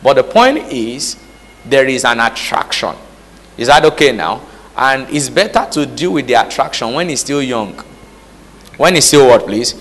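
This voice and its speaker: A man's voice: mid-range voice, moderate pace, a bit bright. A man preaching, quizzing the congregation with call-and-response questions. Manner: call-and-response, repeated "All right?" checks. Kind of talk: sermon. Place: church hall. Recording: reverberant hall.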